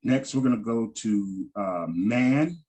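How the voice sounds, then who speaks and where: Slow, patient man teaching a lesson. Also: on the low side, a little mellow. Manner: patient, repeats words slowly, frequent ums. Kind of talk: slow Hebrew vocabulary lesson.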